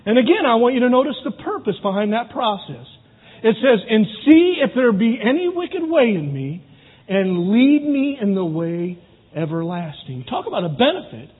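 High lively preacher guy, folksy and emphatic, husky voice, tinny sound with long hall echo. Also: moderate pace. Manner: folksy, emphatic, shouts to make a point. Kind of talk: sermon. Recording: tinny, phone-like audio in a reverberant hall.

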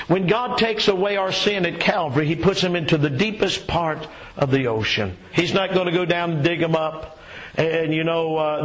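A man preaching a sermon and reading a story aloud, folksy and unhurried, with many fillers and repeated words. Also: fairly high pitch, rough recording.

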